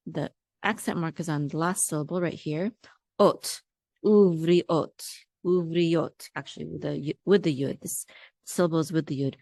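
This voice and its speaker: A woman with a notably low voice walks through a language lesson, patiently sounding out each syllable and repeating it. The recording is dry and close, with no room sound around her. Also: darkish tone, no room sound. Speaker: Hebrew teacher. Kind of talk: word-by-word reading lesson.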